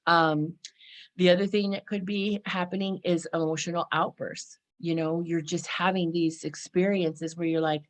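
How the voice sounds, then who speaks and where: Woman in her 40s from california, slightly low voice, chatty spiritual vlog talk, lots of "you know". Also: steady tone, moderate pace. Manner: chatty, frequent "right?" and "you know", acts out exclamations. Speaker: spiritual vlogger. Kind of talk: casual spiritual talk to camera.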